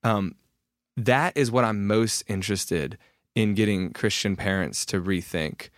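Low, dry-voiced candid man. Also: a little slow, no room sound. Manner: candid, self-deprecating, restarts often. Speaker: author and guest. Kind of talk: casual podcast conversation.

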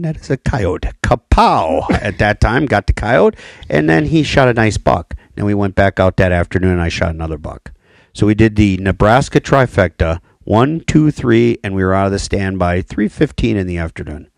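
A man from Wisconsin swaps hunting stories, ribbing his friends and laughing as he goes. His voice sits low, and it is recorded close and dry. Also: creaky, dry recording. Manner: joking storyteller, laughs often. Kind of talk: casual hunting chat.

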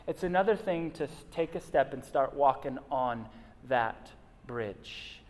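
A man's voice: fairly high pitch, measured pace. Earnest male pastor in a reverberant hall. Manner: earnest, asks and answers rhetorical questions. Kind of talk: sermon. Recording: long reverb of a large hall.

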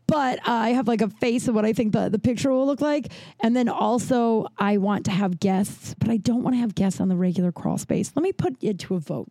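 A woman hosts a solo podcast in casual, rambling chat and tells stories in a blunt, profane way. Her voice is mellow and soft-edged, and it sits close and dry on the mic with no room sound. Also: medium pitch, dry recording. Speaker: podcast host.

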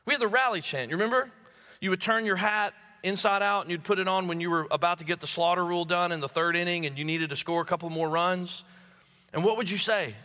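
Bright high-voiced male pastor preaching. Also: fast. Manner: stammering restarts, repeats words while building emphasis; drops to low hushed tones for key phrases. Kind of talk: sermon. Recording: long hall reverb.

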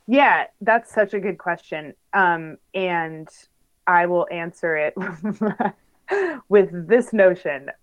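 A woman's voice: on the low side, poor audio. A young woman, a professional bike racer, chatting casually in an interview with lots of fillers and laughs. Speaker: pro bike racer guest.

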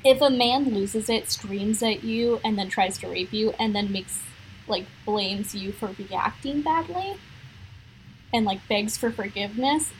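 A woman's voice: medium pitch, measured pace, slight background noise, poor audio. A young woman co-hosting a podcast, talking bluntly and emphatically in a casual chat, with many fillers. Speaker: podcast co-host.

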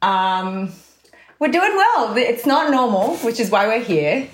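A woman's voice: a little high, big pitch swings, slow, roomy sound. A woman from Australia with an Australian accent, chatting as a podcast guest with dry, playful humor. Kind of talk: casual chat.

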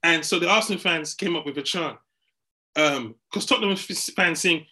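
A man in a heated sports debate, animated and argumentative, breaking into chants and laughter. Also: fairly high pitch, moderate pace, rough recording.

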